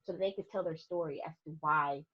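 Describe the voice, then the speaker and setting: A photographer guesting on a podcast talks briskly in a low, husky voice, telling animated stories with lots of emphasis and frequent laughter in a casual interview. The recording's highs are cut off.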